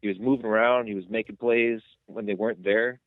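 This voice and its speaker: A man co-hosting a sports podcast, retelling plays in a rambling, excitable way. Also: on the low side, a little fast, dry recording. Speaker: podcast co-host. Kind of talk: casual sports chat. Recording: tinny phone-like line, dry.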